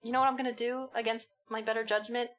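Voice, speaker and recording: Young woman streamer playing a horror game, high bright voice, jittery and giggly, swears a lot. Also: level tone, fast. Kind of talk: live gaming commentary.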